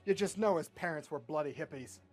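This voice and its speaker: A man's voice: fairly high pitch, fairly quick, a little mellow, close to an everyday voice. A man doing a brash, cursing hero leader. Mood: cocky. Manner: swaggering, cursing, pushy salesman. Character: brash foul-mouthed male superhero team leader.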